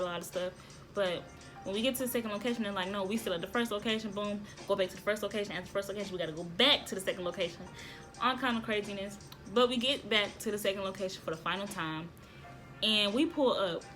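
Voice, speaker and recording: A woman vlogging casually, telling a story to viewers in an excitable way, repeating phrases and laughing often. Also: medium pitch, quick pace, faint music behind.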